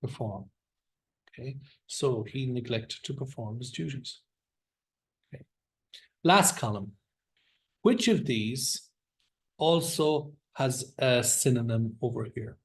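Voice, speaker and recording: Slow-paced male English teacher. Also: medium pitch. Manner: encouraging, drills words aloud with students. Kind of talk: classroom vocabulary lesson.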